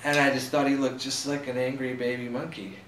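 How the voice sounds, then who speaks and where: A man's voice: mid-range voice, little pitch movement, fairly quick, a bit bright. A man, an actor and director, chatting eagerly as an interview guest and readily plugging his own work. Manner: eager, self-promoting, chatty. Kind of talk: casual interview chat. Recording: echoey room, mic at a distance, faint ambient noise.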